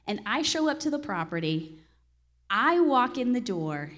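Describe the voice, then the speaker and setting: Animated woman telling a story, laughing. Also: on the high side, a little slow. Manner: animated, laughing, acts out quotes. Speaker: real estate investor. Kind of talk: storytelling on a panel.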